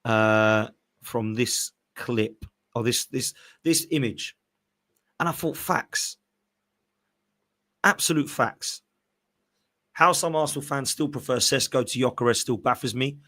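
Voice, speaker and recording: A man's voice: medium pitch, slow pace, long pauses, sharp tone. A man hosting a casual live-stream podcast, opinionated and emphatic, ranting with rhetorical questions. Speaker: podcast host.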